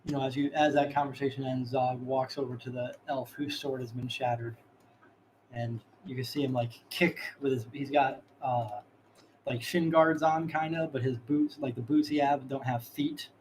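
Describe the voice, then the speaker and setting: A man's voice: medium pitch, flat delivery, normal speed, slight background noise, rough recording. A man running a tabletop game as game master, describing scenes in a casual, loose way.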